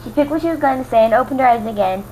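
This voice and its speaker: A woman's voice: sits high, very fast, warm tone, slight background noise, poor audio. A young woman from Louisiana casually reading fan fiction aloud, stumbling, rereading words and adding chatty asides. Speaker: amateur reader.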